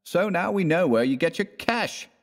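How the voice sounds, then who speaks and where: A man's voice: sits high, expressive, moderate pace, voice pushed up. A man voicing a hearty, teasing young male artist with a raised, bantering delivery.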